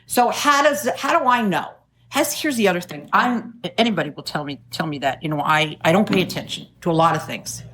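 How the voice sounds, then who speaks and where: A woman's voice: lowish voice, expressive, fairly quick, fairly bright tone. A middle-aged woman from New City, giving a wry, self-mocking share at a recovery meeting and laughing often. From New York City. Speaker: AA speaker.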